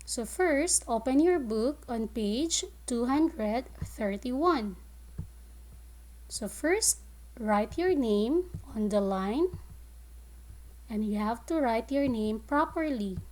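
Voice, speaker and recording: Lady teacher doing phonics for little kids, super slow and clear, kinda high voice. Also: animated, a little mellow. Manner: slow, clear, drawn-out word modeling with praise. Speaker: kindergarten teacher. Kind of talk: phonics lesson for young children.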